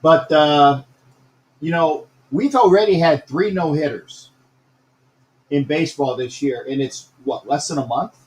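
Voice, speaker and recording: A man's voice: a little high, measured pace, darkish tone, roomy sound, low-quality recording. A man hosting a casual live-streamed sports talk show, rambling, repeating himself and greeting viewers by name.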